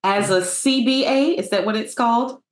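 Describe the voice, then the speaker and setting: A woman's voice: on the high side, normal speed. A woman hosting a conversational interview, affirming her guest and talking with many fillers and restarts. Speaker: interview host. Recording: roomy echo.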